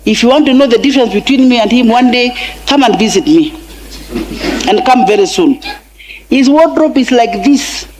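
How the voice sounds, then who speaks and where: A woman's voice: fairly high pitch, lively intonation, normal speed, pauses often, a little mellow. A middle-aged Kenyan woman with a Kenyan accent giving an emotional eulogy for her husband and mixing in Swahili phrases. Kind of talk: funeral eulogy speech. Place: large funeral gathering.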